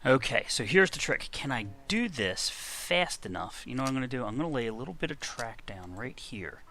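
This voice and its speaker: A man's voice: mid-range voice, big pitch swings, fairly quick, bright, forceful tone, slight background noise. A man giving casual, chatty commentary while playing a game, talking to himself with frequent exclamations. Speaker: gaming video creator.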